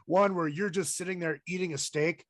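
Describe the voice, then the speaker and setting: A man hosting a casual podcast interview, excitable, laughing often and swearing. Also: sits high, normal speed, no echo, studio quality. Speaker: host.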